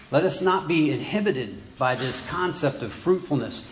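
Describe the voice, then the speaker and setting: A man's voice: a little high, animated, background noise. Stammering preacher man in an echoey room. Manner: halting, stammers and repeats words. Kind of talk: sermon. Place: church.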